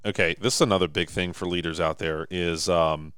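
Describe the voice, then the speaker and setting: A man in his thirties co-hosting a podcast, telling stories with lively acted-out quotes. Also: low-pitched, a little fast, smooth, no room sound, studio quality. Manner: animated storyteller, acts out quotes. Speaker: podcast co-host. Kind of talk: casual podcast chat.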